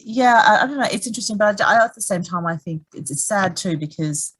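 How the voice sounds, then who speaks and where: A woman's voice: mid-range voice, animated, quick pace, a bit bright, husky. A woman, a guest actor and producer, chatting in a bubbly way and laughing easily. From Australia. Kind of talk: casual conversation.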